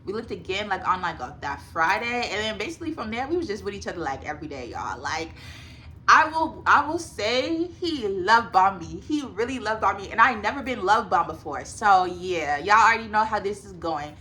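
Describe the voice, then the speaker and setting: A woman's voice: medium pitch, very animated, moderate pace, pushed and bright. A young woman in her twenties casually telling a storytime to her viewers, chatty and full of fillers, often addressing them as y'all. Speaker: vlogger.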